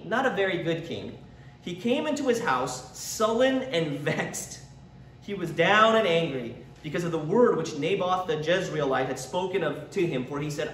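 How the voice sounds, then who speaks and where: A man's voice: a little high, a little hiss or hum. Man teaching a Bible class in an echoey room. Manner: conversational teaching, acts out quoted voices. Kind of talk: church Bible lesson. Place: church classroom. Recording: echoey room, picked up from a distance.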